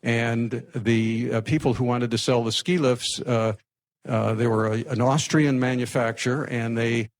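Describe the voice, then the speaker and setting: An older man from the United States telling a personal story to a live audience, lively and anecdotal with frequent restarts. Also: medium pitch, a little slow. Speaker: speaker telling his life story.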